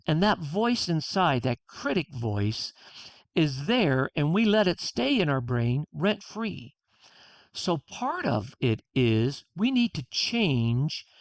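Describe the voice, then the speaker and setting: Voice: medium pitch, big pitch swings, takes it slowly, dry recording. A guest author on a podcast interview, talking earnestly and reflectively and acting out inner dialogue.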